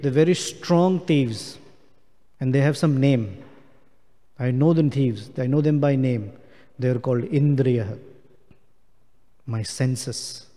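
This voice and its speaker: Brief: man, scripture lecturer, slow and mellow, long hall reverb. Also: mid-range voice. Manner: slow, explains Sanskrit verse word by word. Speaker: speaker giving a scripture class. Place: temple hall.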